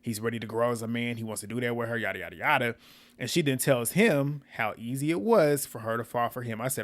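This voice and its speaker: Blunt, animated male reality-TV recapper. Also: medium pitch, fast. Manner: blunt, animated, swears and laughs often. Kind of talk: casual commentary recap.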